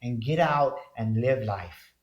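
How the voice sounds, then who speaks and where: A man's voice: medium pitch, expressive, takes it slowly, lo-fi sound. A man co-hosting a motivational talk show, speaking fervently with repeated, preacher-like build-ups. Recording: roomy echo.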